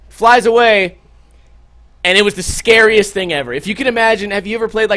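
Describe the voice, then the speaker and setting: A man's voice: sits high, a little fast. A young man vlogging, telling stories casually with lots of swearing and sound effects. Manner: animated, profane, with sound effects. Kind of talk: casual storytelling to camera.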